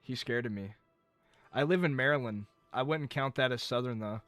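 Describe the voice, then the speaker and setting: A man's voice: mid-range voice, moderate pace, fairly bright tone, no room sound, soft background music. A young man from North Carolina chatting casually on a live stream, rambling, swearing and joking at his own expense. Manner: rambling, swearing, self-mocking.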